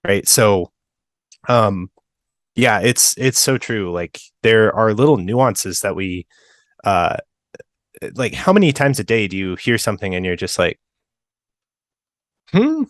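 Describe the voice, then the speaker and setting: A young man co-hosting a book podcast, talking in a relaxed, rambling way with lots of fillers. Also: fairly low pitch, a little slow, pauses often, dry recording, studio quality. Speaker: podcast co-host. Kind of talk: casual book discussion.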